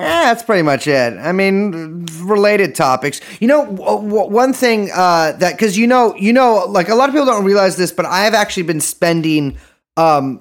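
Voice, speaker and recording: A young man co-hosting a podcast in casual comedic chat, rambling through deadpan jokes with lots of fillers and restarts. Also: a little high. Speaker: podcast co-host.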